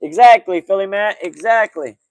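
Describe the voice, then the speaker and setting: A man's voice: high-pitched, moderate pace, no room sound, poor audio. A man hosting a casual livestream sports talk podcast, chatting loosely in slang and greeting viewers by name. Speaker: podcast host.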